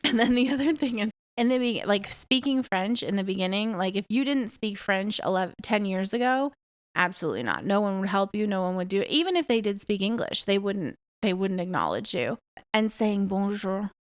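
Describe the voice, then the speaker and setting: Talking alone on her podcast, this thirty-something woman is frank, blunt and freely profane in a casual monologue. Her mid-range voice is expressive and slightly quick, and the recording is dry.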